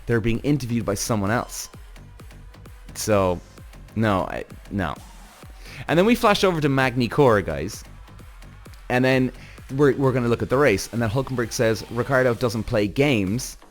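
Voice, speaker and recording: Rambling, animated male podcast host. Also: mid-range voice, a little slow, long pauses, soft background music. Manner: animated, rambling, swearing, exclamatory. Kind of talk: casual commentary on a TV series.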